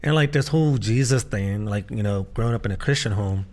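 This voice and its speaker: A man's voice: lowish voice, brisk, a little mellow. A man, a podcast co-host and pastor, telling his life story in casual conversation, earnest and full of restarts. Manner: earnest, with frequent restarts and fillers.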